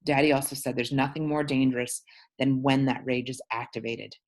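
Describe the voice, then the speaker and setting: A woman teacher reading a novel aloud to her class, pausing to explain words. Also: a bass voice, steady tone, a little mellow.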